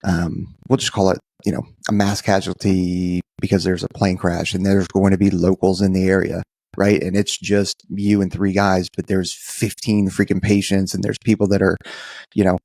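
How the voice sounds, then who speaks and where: A man's voice: deep voice, little pitch movement, normal speed, a little mellow, no room sound. A man co-hosting a podcast in casual, rambling chat, restarting his sentences often. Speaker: podcast co-host.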